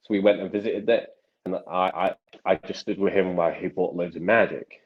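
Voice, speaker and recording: Man, 30s, low voice, chatty magician guest, rambling storyteller, dull recording. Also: steady tone, brisk. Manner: rambling storyteller with many restarts and acted quotes. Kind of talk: casual interview chat.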